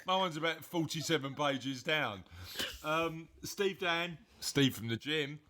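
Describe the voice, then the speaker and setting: A man's voice: on the high side, measured pace, noisy background. A man hosting a casual podcast with his daughter, reading out listener answers in a jokey, rambling way and laughing at them. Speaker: podcast host; father of co-host.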